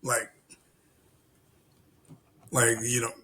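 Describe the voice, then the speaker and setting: A man co-hosting a casual podcast, telling animated stories, acting out the people he quotes and swearing freely. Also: medium pitch, very slow. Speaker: podcast co-host. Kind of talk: casual chat.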